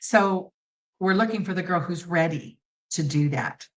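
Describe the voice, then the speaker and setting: A woman's voice: fairly low pitch, a little slow, low-quality recording. Middle-aged woman, pageant judge; confident, emphatic interview talk, acts out quotes. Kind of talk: conversational interview answers.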